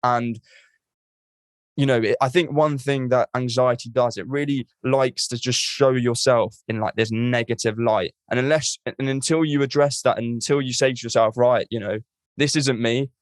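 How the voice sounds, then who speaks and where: A man's voice: medium pitch, fairly even intonation, normal speed, dry recording, clean studio sound. A man hosting a podcast interview, speaking thoughtfully with many fillers and restarts. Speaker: podcast host. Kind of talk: reflective conversational interview.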